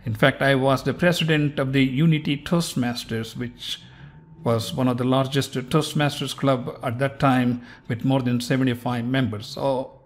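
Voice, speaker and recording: Slow, deliberate Indian-American man. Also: mid-range voice. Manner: slow, deliberate, repeats words for emphasis. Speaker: host. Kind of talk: pronunciation lesson.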